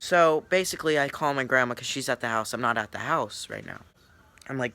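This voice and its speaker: A young YouTuber telling a story with a bright, forceful voice and eager, rambling energy. He piles clause on clause and swears freely. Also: medium pitch, expressive, normal speed, no room sound. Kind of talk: story time vlog.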